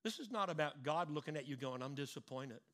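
A middle-aged man preaching a sermon in an animated way, stressing and repeating his points. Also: fairly high pitch, fast.

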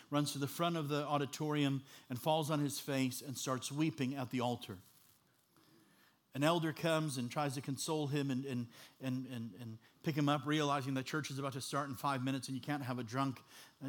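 A man preaching a sermon as an animated, humorous storyteller. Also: medium pitch.

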